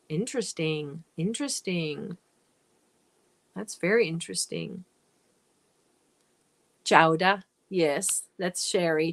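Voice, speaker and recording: Woman, unhurried speech, rambling friendly chat, laughs often, live-stream host. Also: mid-range voice, fairly bright tone. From Germany. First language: German. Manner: chatty, rambling, laughs often, reads and answers comments. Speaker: crochet channel host.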